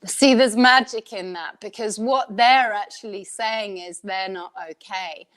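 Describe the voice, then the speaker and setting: A woman's voice: mid-range voice, measured pace, fairly bright tone. Earnest woman coach chatting frankly. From Australia. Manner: earnest, laughs often, frank with mild swearing. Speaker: host, life coach. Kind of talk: casual conversational podcast chat.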